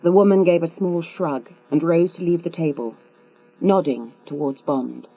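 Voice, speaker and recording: A woman narrating a thriller audiobook in a measured, composed read. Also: sits low, breathy edge. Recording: tinny, phone-like with mains hum.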